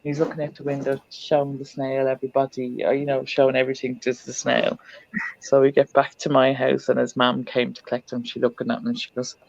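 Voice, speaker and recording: A woman's voice: rumbling low, level tone, a little fast, vocal fry, darkish tone, no room sound. A woman hosting a craft livestream, chatting casually and laughing as she tells a funny story, heard through a computer mic on a video call. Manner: chatty, laughs often while telling a story. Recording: dull lo-fi livestream audio.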